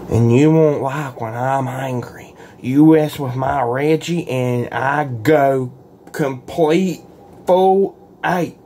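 A man's voice: mid-range voice, slow pace, dark tone, a little hiss or hum. A man doing a solo roleplay in a folksy, earnest and pleading way, as if talking to a gang of friends. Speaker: roleplay creator.

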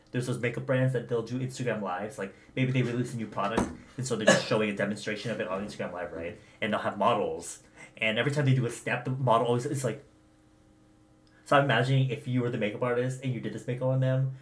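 A man's voice: mid-range voice, quick pace, slight background noise. A man chatting casually as a livestream guest, playful and campy.

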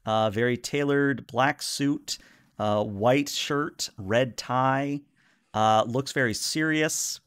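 A man narrating a tabletop role-playing game as game master, relaxed and filling pauses with "uh". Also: mid-range voice, clear, resonant tone, dry recording. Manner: relaxed narration with many "uh" fillers.

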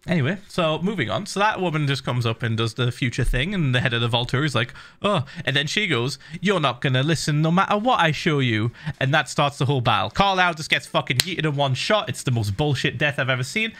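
A man's voice: medium pitch, expressive, quick pace, bright, forceful tone. A man streaming a game, ranting animatedly and swearing a lot in an exasperated, casual way. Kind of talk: casual gaming stream chat.

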